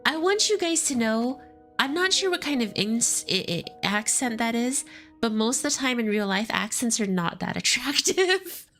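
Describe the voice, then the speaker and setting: A woman's voice: fairly high pitch, very animated, moderate pace, fairly bright tone, soft background music. A woman streamer chatting casually and laughing while she plays a game and reads its text aloud. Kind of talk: casual let's-play commentary.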